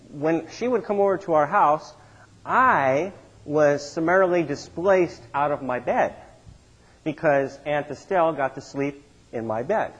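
A middle-aged man preaching a sermon as pastor, telling stories with animated swings in pitch and loudness. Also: lo-fi sound.

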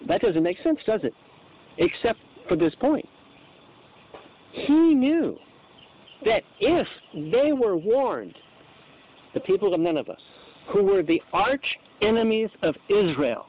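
A man's voice: high-pitched, slow pace, long pauses, breathy edge. A man preaching a sermon, acting out the voices in the scripture he reads. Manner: animated, acts out voices in scripture. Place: church. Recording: dull lo-fi recording.

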